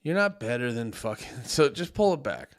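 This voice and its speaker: A man's voice: medium pitch, sing-song, normal speed. Laid-back man joking through a reaction stream. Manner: loose, joking, profane, laughs often. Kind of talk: casual reaction commentary.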